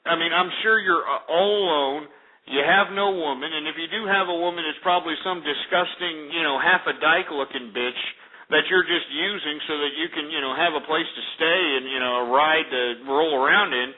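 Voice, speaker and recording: A man's voice: a little high, normal speed. A man hosting a call-in radio show, ranting and hurling insults at callers. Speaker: radio talk show host. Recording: lo-fi phone-like radio audio.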